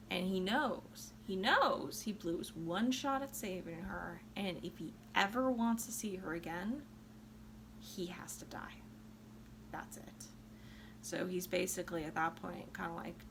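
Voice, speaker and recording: A woman's voice: mid-range voice, lively intonation, a little slow, creaky, pauses often, background noise. A tipsy woman vlogger retelling an opera plot in a chatty, slangy way with sarcastic asides. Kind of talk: casual comic retelling.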